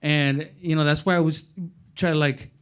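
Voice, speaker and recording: A man's voice: a little high, steady tone, normal speed, clear, resonant tone. A male comedian on a panel, telling self-deprecating stories in a laid-back way. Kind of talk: panel discussion.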